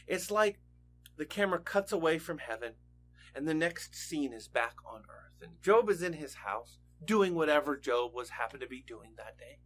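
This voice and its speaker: A high-pitched man teaches a Bible lesson as vivid storytelling and paints each scene like a movie. Faint music plays softly behind him. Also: expressive, moderate pace.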